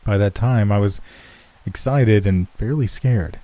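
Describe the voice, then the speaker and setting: A man reading a horror story as scripted first-person narration in a measured, steady way. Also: lowish voice, no room sound.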